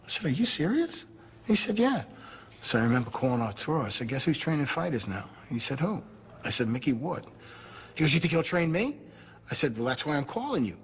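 A man's voice: medium pitch, very animated, fast, a little hiss or hum. A middle-aged man speaking earnestly in a reflective interview, often saying "you know". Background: music score.

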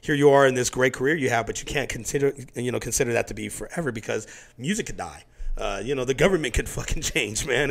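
A man hosting a laid-back interview from his home studio, talking quickly with a gravelly rasp. He tells loose, profane stories and slips into impressions of the people in them. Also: medium pitch, fairly bright tone. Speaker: podcast host. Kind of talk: casual interview chat.

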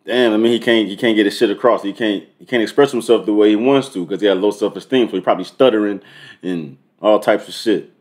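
A young man hosting a music reaction video, talking in loose, profane slang and thinking out loud with frequent restarts. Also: fairly low pitch, quick pace. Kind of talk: casual reaction commentary.

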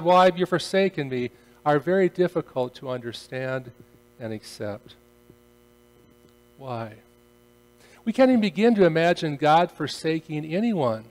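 A male pastor preaching a solemn sermon and reading scripture, his voice swelling loudly on quoted cries. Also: on the high side, long reverb tail, rough recording. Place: church sanctuary.

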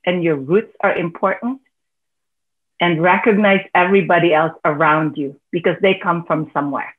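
A woman with a Filipino accent, a teacher speaking earnestly on a panel discussion, sometimes laughing softly as she talks. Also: lowish voice. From Philippines. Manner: earnest, heartfelt, laughs softly while talking. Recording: tinny phone-like video call audio.

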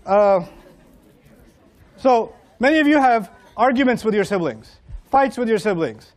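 High-voiced man giving a lively sermon. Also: unhurried. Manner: animated, acts out dialogue, laughs often. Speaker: preacher. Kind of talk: humorous sermon to a live audience.

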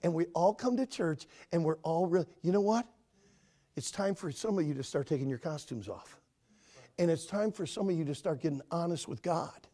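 Husky, emphatic older male preacher. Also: fairly high pitch, animated, normal speed, mellow. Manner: earnest, emphatic, conversational. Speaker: pastor. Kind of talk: sermon. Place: church sanctuary.

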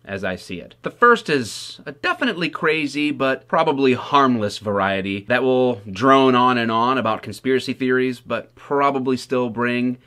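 A man's voice: mid-range voice, lively intonation, normal speed, few pauses, pushed and bright. A man from Michigan who works as a police officer, giving casual, wry commentary to the camera with sarcastic asides. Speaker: police officer, video host.

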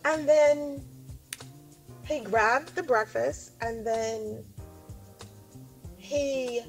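Woman in her 40s, high voice, chatty rambling storyteller, faint music underneath. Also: very slow. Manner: rambling, filler-heavy retelling of a conversation. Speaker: storyteller in a clip. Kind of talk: casual storytelling.

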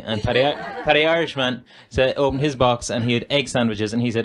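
A man in the audience telling a joke in a hesitant, halting way. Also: medium pitch. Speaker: audience member.

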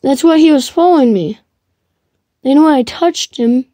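High, excitable young woman gamer. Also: moderate pace, no room sound. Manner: excitable, shrieks and laughs when chased. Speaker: gamer streaming live play. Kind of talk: reactive gameplay commentary.

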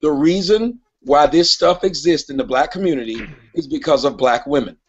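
High-voiced man arguing on a live stream. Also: normal speed, slightly rough, muffled recording. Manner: argumentative, cuts in, keeps repeating "wait a minute". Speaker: host of a live online hangout. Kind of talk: heated live debate. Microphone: online call audio.

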